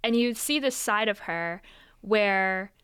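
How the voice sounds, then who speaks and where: A young woman co-hosting a podcast in casual chat, animated and laughing often, restarting her sentences as she talks. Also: medium pitch, slow, smooth. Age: young adult. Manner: animated, laughs often, repeats words while starting sentences. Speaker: podcast co-host.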